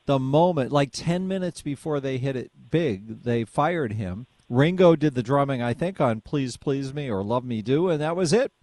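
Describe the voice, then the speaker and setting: Male radio host, curious, opinionated, dry studio sound, mid-pitched voice. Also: expressive, moderate pace, hardly any pauses, darkish tone, dry recording. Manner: inquisitive, opinionated. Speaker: radio talk show host. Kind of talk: casual radio interview.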